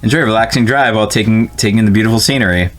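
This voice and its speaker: A man's voice: on the low side, rapid-fire, soft background music, natural voice. A man voicing a smug, shady middle-aged businessman as he reads game dialogue aloud. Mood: salesy.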